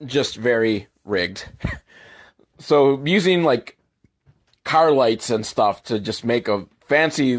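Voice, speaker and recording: A man riffs his way through a movie recap with crude, mocking sarcasm. His voice sits at an ordinary middle pitch, leaping upward whenever he lands a jab, and he swears freely as he talks. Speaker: movie commentator.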